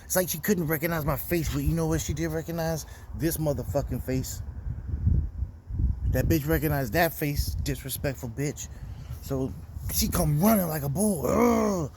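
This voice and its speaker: A man's voice: a little high, moderate pace, a little mellow, a little hiss or hum. A young man telling a weekend story as host, casual and profane, heated as he talks. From Florida. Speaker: podcast host.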